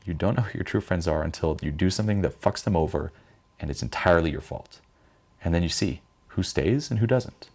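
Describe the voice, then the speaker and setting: A young man giving blunt, profane self-help advice, mimicking panicked voices in a higher pitch. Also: expressive, fairly quick, darkish tone. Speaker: vlogger giving life advice. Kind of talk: direct-to-camera self-help talk.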